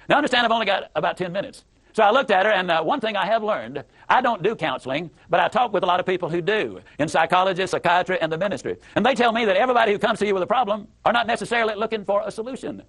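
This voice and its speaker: A man's voice: sits high, expressive, rapid-fire, a bit bright. A man giving a motivational talk, telling a story in an emphatic, folksy way with repeated phrases. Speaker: motivational speaker.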